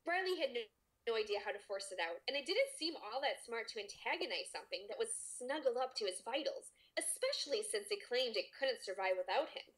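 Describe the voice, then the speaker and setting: A woman's voice: on the high side, expressive, fairly quick, fairly bright tone, rough recording. A woman co-hosting a podcast, reading erotic fiction aloud expressively and teasing her co-host between passages. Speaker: podcast co-host and story reader.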